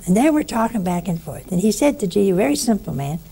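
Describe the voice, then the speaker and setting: A woman giving a spiritual teaching in an easy, conversational way, breaking off to speak straight to her listeners. Her voice is gravelly and dark, with a husky edge. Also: medium pitch, fast talker. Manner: lively storyteller with asides to listeners.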